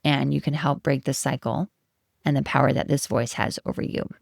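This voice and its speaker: Woman coach on a podcast, low voice with gravelly fry, gentle and encouraging, dry close sound. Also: little pitch movement, normal speed, no room sound. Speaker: life coach, podcast host. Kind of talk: solo podcast talk.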